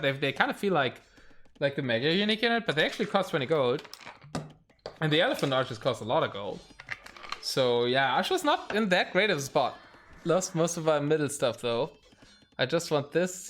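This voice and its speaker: Casual stream caster, animated delivery, reacts live; desk mic, typing behind. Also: mid-range voice, slight background noise. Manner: chatty, thinks aloud, reacts to live play. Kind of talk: live game commentary.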